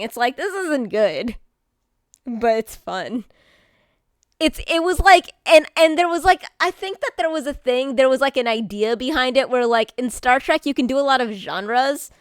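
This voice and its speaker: Woman streamer, rambling and excitable, hiccuping, casual chat; slightly high voice, dry close sound. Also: smooth, dry recording.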